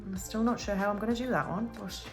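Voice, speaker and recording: A woman, talking in a loose, chatty way as she counts money out loud for her viewers. Her voice sits at a medium pitch, with offhand asides between the numbers. Light music plays faintly underneath. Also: fairly even intonation, fast. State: slightly unwell, clearing throat. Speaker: budgeting YouTuber. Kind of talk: casual chatty voiceover while counting cash.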